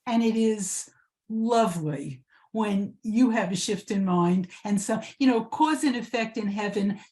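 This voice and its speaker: A woman co-hosting a spiritual podcast, giving gentle, measured advice. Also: medium pitch. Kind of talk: reflective spiritual discussion.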